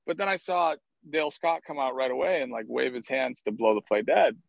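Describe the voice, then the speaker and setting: A man telling a lively story from his playing days, swearing freely and acting out what people said. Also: medium pitch, fairly quick, gravelly, dry recording, low-quality recording. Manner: animated, profane, acts out quotes. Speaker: former baseball player, guest. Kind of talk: casual storytelling interview.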